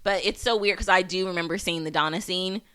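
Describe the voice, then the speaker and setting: A woman's voice: lowish voice, fairly even intonation, brisk, pushed and bright, clean tone. A woman hosting a podcast, recapping a TV episode in a casual, rambling way with many fillers and restarts, and swearing for emphasis. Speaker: podcast host.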